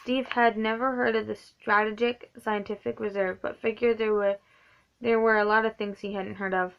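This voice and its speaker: Female reader, gravelly, self-correcting read-aloud; muffled lo-fi home audio. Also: mid-range voice, flat delivery, normal speed, slight background noise. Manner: stumbles and corrects herself often. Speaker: reader of a book. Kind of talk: reading a novelization aloud.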